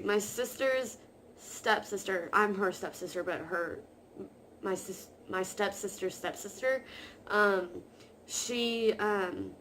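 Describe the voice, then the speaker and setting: A woman vlogger telling a story to camera in a rambling, excited way, full of "like" fillers. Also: medium pitch, a little hiss or hum.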